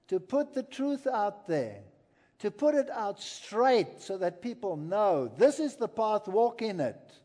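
Preacher, male, high tenor, slow deliberate delivery, live in a hall with long reverb. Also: big pitch swings, mellow. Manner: earnest, emphatic, storytelling. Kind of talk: sermon. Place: large hall with an audience.

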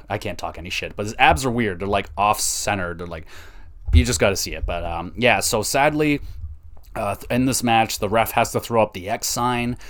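A man with a somewhat low voice talks into a podcast mic in a loose, slangy recap style. He swears freely and gets excitable as he runs through the week's show. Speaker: podcast host. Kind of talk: casual wrestling show recap.

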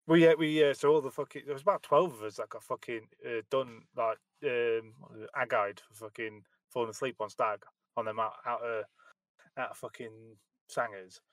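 Army veteran man, halting and sweary. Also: mid-range voice, fairly even intonation, no room sound. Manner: hesitant fillers, sweary. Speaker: podcast guest, army veteran. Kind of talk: casual swearing banter, war stories.

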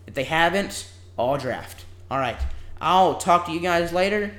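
A man's voice: on the high side, animated, unhurried, a bit bright. Casual man reading a ranked list in an echoey room. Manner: casual, rambling asides between a list. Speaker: podcast host. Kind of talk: solo sports podcast, reading a draft ranking list.

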